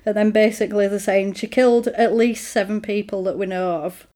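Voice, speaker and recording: A woman's voice: mid-range voice, fairly quick. Woman animatedly retelling a film plot. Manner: animated, acts out characters' lines in quoted voices.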